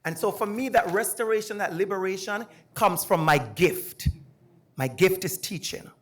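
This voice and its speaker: Animated man with a Jamaican accent. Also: high voice, normal speed, a little hiss or hum. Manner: animated and emphatic. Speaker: university lecturer on a panel. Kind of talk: personal testimony at a panel discussion.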